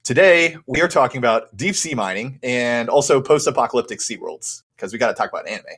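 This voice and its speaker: A man's voice: mid-range voice, lively intonation, fast talker, fairly bright tone, breathy edge. A man hosting a podcast in loose casual chat, laughing easily and using lots of fillers. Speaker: podcast host. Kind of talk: casual chat and scripted topic intro.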